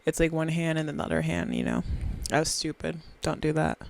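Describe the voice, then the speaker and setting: A woman's voice: low voice, very animated, a little fast, creaky, rough recording. A woman, rambling through a profane, self-mocking solo podcast chat very close to the microphone. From Southern US. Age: 20s. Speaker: podcast host.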